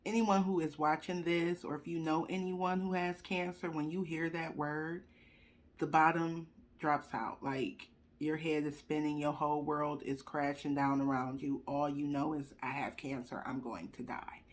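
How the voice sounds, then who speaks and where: A woman's voice: sits low, level tone, a little slow. Young woman vlogging a personal story into a webcam, chatty and close to tears. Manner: chatty, addresses viewers directly; fighting back tears. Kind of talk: emotional personal testimony. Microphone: computer webcam.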